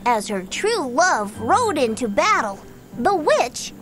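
Woman doing a squeaky little gingerbread man. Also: big pitch swings, takes it slowly, a bit bright, heavily acted. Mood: eager. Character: small friendly male gingerbread man. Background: game music.

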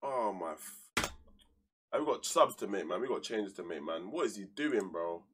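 A man's voice: low-pitched, expressive, fairly quick, background noise. A young man, casually commentating his football manager game on a live stream, full of slang, flaring into heated outbursts and then dropping to mutters.

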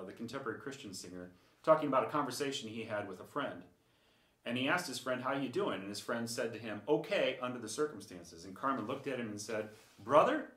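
A man's voice: medium pitch, a bit bright, echoey room. A man giving a conversational sermon with dry humor and frequent filler words. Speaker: preacher.

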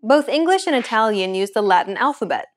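A woman hosting a language lesson, reading a script with a clear, upbeat teacher's delivery. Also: on the high side, expressive, fairly quick.

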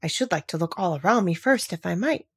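A woman reading a storybook aloud, voicing a polite, earnest seven-year-old girl who speaks gently and sometimes plaintively. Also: on the low side, lively intonation, a little fast, husky, dry recording, studio quality, exaggerated voice.

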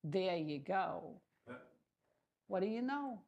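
A woman's voice: medium pitch, animated, slow, lo-fi sound. A woman acting coach giving direct, encouraging instructions to a student.

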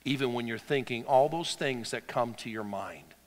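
Animated preacher man in a reverberant hall. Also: medium pitch, moderate pace. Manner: dramatic and animated, swinging from shouts to whispers. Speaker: pastor. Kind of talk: sermon.

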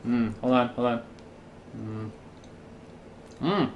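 A tipsy gamer giving casual commentary while playing, excitable and profane, breaking into loud exclamations and silly sound effects. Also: medium pitch, slow, dull audio, a little hiss or hum. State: tipsy from drinking. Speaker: let's play gamer.

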